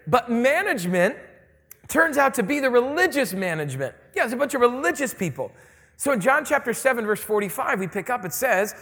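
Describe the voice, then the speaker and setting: High-voiced joking pastor in a reverberant hall. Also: male voice, animated, fairly quick, a bit bright. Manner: casual, joking, conversational. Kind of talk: sermon.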